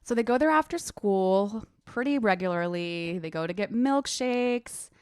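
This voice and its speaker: A woman's voice: medium pitch, lively intonation, a little slow, darkish tone, clean tone, no room sound. Woman, podcast co-host, chatty, laughs a lot, dry recording. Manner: chatty, giggly. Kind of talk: casual book discussion.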